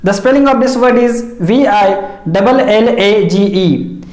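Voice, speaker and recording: A woman giving a measured, explanatory lesson, repeating key phrases. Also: medium pitch, a little mellow. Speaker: English teacher. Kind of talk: instructional lecture. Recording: echoey room.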